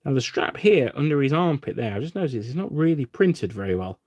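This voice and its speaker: A man from England chats casually with viewers on his livestream while painting miniatures. He rambles through his thoughts with plenty of fillers and small self-deprecating asides. The recording is dry and close, and his voice sits at an ordinary pitch. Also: very animated, fairly quick, darkish tone, no room sound. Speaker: livestream host.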